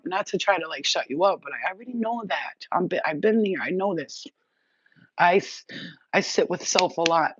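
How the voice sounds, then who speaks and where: A woman's voice: deep voice, no echo. A woman doing a spiritual reading, talking in a casual livestream chat that is blunt, profane and rambling. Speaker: spiritual reader. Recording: dull lo-fi, dry.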